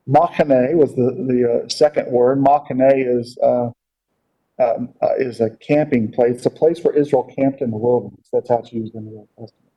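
A man teaching a casual Bible class, talking in a halting way with many fillers and repeated words, on a dull lo-fi recording. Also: mid-range voice, steady tone, warm tone, husky.

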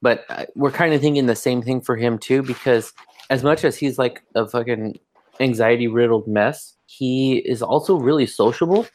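A man's voice: medium pitch, normal speed, a little mellow. A man co-hosting a podcast in casual chat, telling loose, profane stories full of fillers. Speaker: podcast co-host, school principal.

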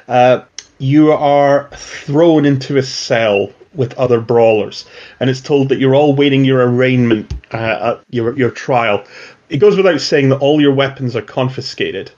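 A man's voice: mid-range voice, a little mellow, dull audio. A man narrating a tabletop game as game master, rambling and chuckling between lines. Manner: rambling, with fillers and restarts.

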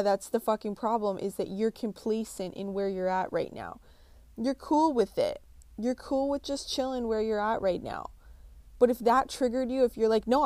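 A woman's voice: mid-range voice, darkish tone, no room sound. A young woman giving a blunt, profane motivational pep talk, swearing freely and pushing the listener hard. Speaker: motivational speaker.

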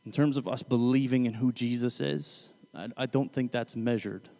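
A man's voice: medium pitch, steady tone, normal speed, gravelly, warm tone, big-room sound. A man giving a casual Bible teaching, talking in a loose, conversational way and often correcting himself mid-sentence. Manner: conversational, self-correcting, paraphrasing scripture loosely.

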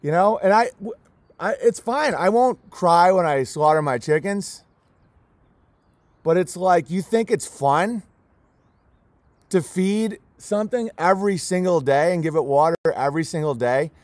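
A man's voice: sits high, expressive, moderate pace, no echo. A man who raises goats and chickens, ranting in an impassioned vlog, emphatic and emotional, hammering the same words again and again, close to tears. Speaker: homesteader raising goats and chickens.

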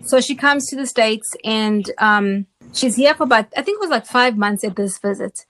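A woman from South Africa recounts her personal testimony as a guest on an interview show. Her voice sits a little high, and she tells the story in an animated way, often pausing to check in with her listener.

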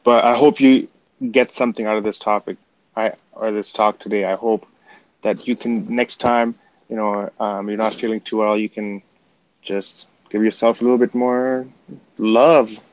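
A man from Canada hosting a casual livestream, chatty and quick to laugh things off as he talks straight to his viewers. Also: on the low side, steady tone, darkish tone, no room sound, low-quality recording. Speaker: livestream host.

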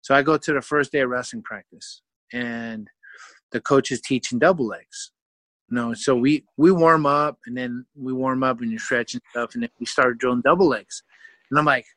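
A man telling a self-mocking personal story in an animated way, with frequent fillers. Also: medium pitch, normal speed, no room sound. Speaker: guest storyteller.

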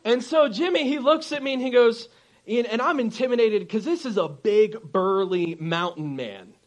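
A man's voice: extremely high pitch, moderate pace. A man preaching a sermon as pastor, telling a personal story and acting out the people in it. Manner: animated storyteller, acts out quoted people.

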